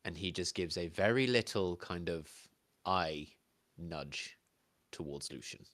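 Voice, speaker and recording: A man narrating a live tabletop game as game master in a steady, descriptive way. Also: deep voice, measured pace, no echo.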